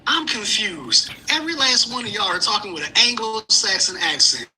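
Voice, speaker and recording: A man's voice: high-pitched, lively intonation, moderate pace, bright, forceful tone, a little hiss or hum, poor audio. A man calling into a livestream, talking bluntly and heatedly in a slangy, casual way. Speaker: caller. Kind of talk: casual call-in chat.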